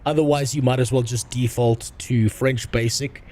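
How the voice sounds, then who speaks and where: A young adult man streaming a game, chatting casually in a rambling way with crude deadpan jokes. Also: medium pitch, moderate pace. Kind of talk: casual chat while gaming.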